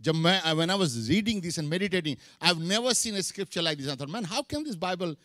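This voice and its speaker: A man's voice: high-pitched, expressive, quick pace, a bit bright, dry recording, clean studio sound. A middle-aged man preaching a sermon, mixing English with Hindi phrases. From India. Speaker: pastor.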